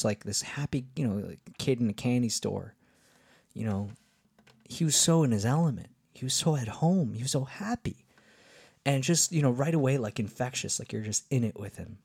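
Low gravelly man telling a rambling story. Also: darkish tone, no room sound, studio quality. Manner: rambling, many fillers and restarts, upbeat. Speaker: podcast host. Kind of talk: casual storytelling monologue.

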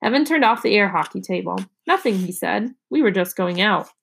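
A woman's voice: fairly quick, creaky. A woman reading a children's chapter book aloud to students, narrating and lifting her voice for the kids' dialogue. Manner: expressive, raises pitch for children's dialogue. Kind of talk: storybook read-aloud.

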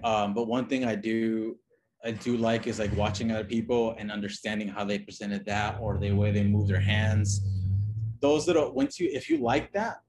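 A man talking as a guest in a relaxed interview, loose and conversational, with frequent fillers and restarts. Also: fairly low pitch, normal speed, noisy background. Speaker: designer and podcast guest. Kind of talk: casual interview chat.

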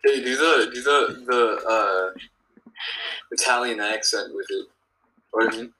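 A man's voice: mid-range voice, measured pace, bright, forceful tone, rough recording. A man joking around and egging on his friends in a casual gaming chat.

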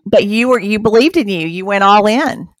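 A woman's voice: medium pitch, fairly quick. A woman hosting an interview, supportive and encouraging, often affirming what her guest says. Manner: affirming, encouraging, frequent agreement. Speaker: interview host. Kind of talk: conversational interview.

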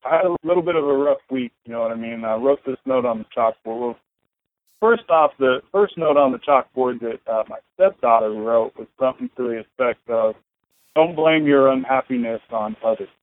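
A man's voice: mid-range voice, fairly quick. Profane, rambling man on a tinny line. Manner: casual and profane, rambling storyteller. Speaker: podcast guest. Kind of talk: casual conversation.

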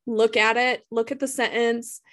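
Giggly woman co-host, higher voice. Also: flat delivery, normal speed, a bit bright. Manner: laughs often, agreeable. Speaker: podcast co-host, author. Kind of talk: casual chat.

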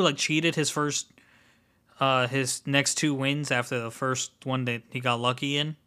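A man's voice: medium pitch, level tone, a little slow, bright, forceful tone, clear, resonant tone. A man co-hosting a podcast, loosely recapping a show in casual, filler-heavy chat. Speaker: podcast co-host.

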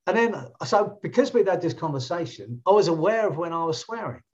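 A man's voice: on the high side, animated, brisk, muffled recording. An English man with an English accent, a coach telling stories in casual podcast chat, with many restarts. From England. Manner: storytelling, chatty, many restarts. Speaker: coach and trainer.

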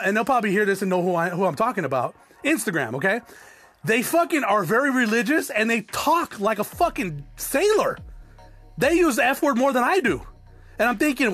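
A man with a very high voice rants through a podcast monologue. He swears constantly and stumbles over repeated words as he gets worked up. Faint music plays under him. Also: animated, a little fast, bright, forceful tone. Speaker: podcast host. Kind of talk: profane ranting monologue.

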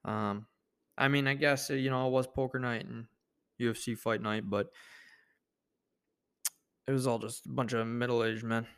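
A man's voice: medium pitch, steady tone, moderate pace, long pauses, a bit bright, clear, resonant tone. A young man hosting a podcast, telling a rambling, profane story in a laid-back, casual monologue. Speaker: podcast host.

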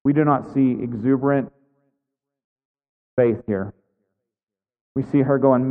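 A man's voice: medium pitch, fairly even intonation, takes it slowly, pauses often. A man pastor preaching a sermon in a church, earnest and conversational, pressing the listeners with repeated questions. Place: church sanctuary. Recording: phone-like sound in a reverberant hall.

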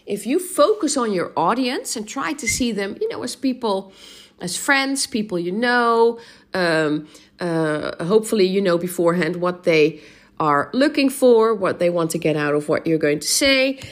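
A podcast host and English speaking coach delivers a solo advice talk full of encouraging speaking tips. Her medium-pitched voice is animated at a moderate pace, punctuated by frequent "um"s and "right?" checks.

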